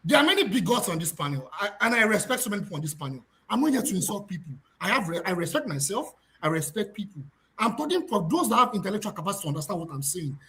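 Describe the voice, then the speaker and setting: A man speaking as a panelist in a heated debate, passionate and repetitive, building to near shouts. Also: high-pitched.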